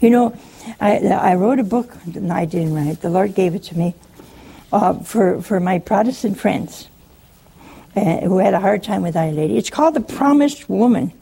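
A woman's voice: mid-range voice, normal speed, vocal fry, warm tone, husky. A woman preaching on scripture in a chatty, teasing way, acting out quotes and chuckling often. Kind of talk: humorous scripture teaching.

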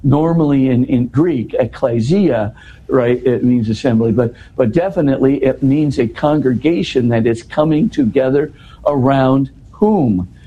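A man giving an explanatory talk in an interview, teaching in an animated way and often checking in with "right?". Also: medium pitch, unhurried, dull audio. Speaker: interview guest explaining scripture.

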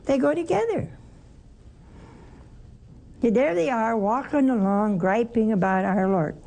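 Gravelly woman teaching scripture. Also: fairly high pitch, measured pace. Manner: lively, rhetorical questions, wry humor. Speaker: Bible study teacher. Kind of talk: informal Bible teaching.

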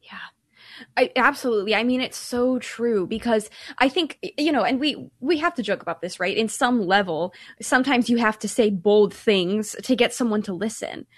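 A woman's voice: on the high side, normal speed, dry recording. Chatty woman co-hosting Catholic radio. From Ireland. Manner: chatty, enthusiastic. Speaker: radio show co-host.

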